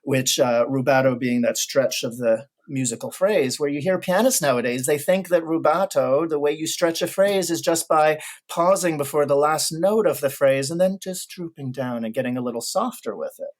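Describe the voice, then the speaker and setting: A man, a guest expert on historical piano recordings, explaining ideas in a thoughtful, measured way during a casual interview. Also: on the high side.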